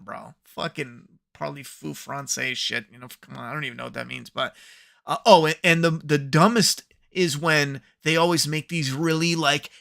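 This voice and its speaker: A man's voice: fairly high pitch, creaky, bright, forceful tone. A man hosting a podcast, giving a profane, sarcastic TV review rant. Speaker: podcast host. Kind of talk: ranting TV review.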